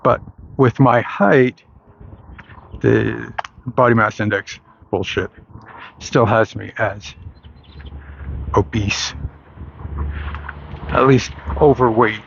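Walking along a street outside, this long-adult male vlogger rambles in a slow, creaky, lowish voice with a steady tone and long pauses. He keeps correcting himself and laughing wryly, and the lo-fi audio carries a faint hiss or hum.

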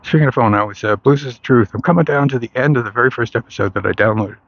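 A man well into adult life vlogs while walking outdoors on a street, rattling off rambling talk at a rapid clip in a creaky, medium-pitched voice. He restarts sentences and laughs wryly, and the high frequencies are cut off.

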